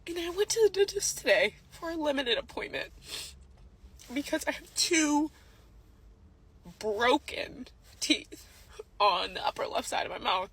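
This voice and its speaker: A woman, a mother, talking in a casual vlog, complaining in a measured, explanatory way. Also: high-pitched, very animated, a bit bright, poor audio. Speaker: parent.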